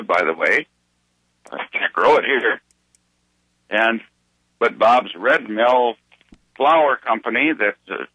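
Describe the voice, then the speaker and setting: A man's voice: mid-range voice, sharp tone, no echo, poor audio. A man calling in to a radio talk show, rambling. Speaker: caller.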